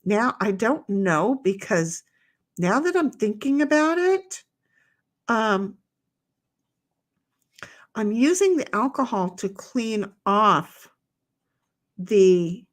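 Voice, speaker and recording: A woman's voice: mid-range voice, sing-song, takes it slowly, pauses often. A woman hosting a casual livestream, reading chat messages aloud in playful voices and rambling with many restarts while she paints.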